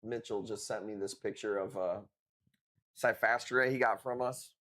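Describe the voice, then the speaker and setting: A man's voice: fairly low pitch, fairly even intonation, moderate pace, a bit bright. Laid-back guy, swearing freely. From Chicago. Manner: laid-back, swears a lot, street slang. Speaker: live-stream coral seller. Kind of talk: casual live-stream chat.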